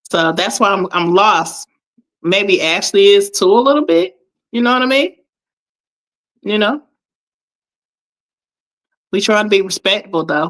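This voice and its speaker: A woman co-hosting a casual livestream chat, animated and swearing as she talks. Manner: animated, swears, exclaims in a high voice. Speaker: livestream co-host.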